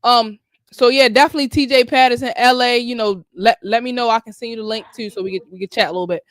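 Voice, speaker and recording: A woman hosting a casual livestream call, talking in a relaxed, slangy way with her co-hosts. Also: fairly high pitch, fast, no echo, studio quality. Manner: slangy, relaxed, talks with friends. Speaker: livestream host.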